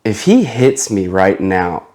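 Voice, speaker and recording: A man's voice: low voice, big pitch swings, slow pace, darkish tone. A man, a chef and podcast guest, telling a story in casual chat, acting out quoted dialogue and laughing often.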